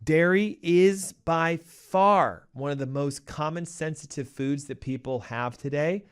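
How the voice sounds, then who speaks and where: The host of this health advice show is a man with a smooth, slightly high voice and a measured pace. He addresses listeners directly in an emphatic, punchy way, at one point impersonating a panicking cardiologist with a raised voice.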